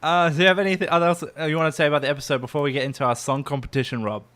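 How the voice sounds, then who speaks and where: A man's voice: fairly high pitch, fairly even intonation, rapid-fire, a bit bright, slight background noise. A man hosting a casual comedy podcast, telling rambling stories with frequent giggles. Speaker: podcast host.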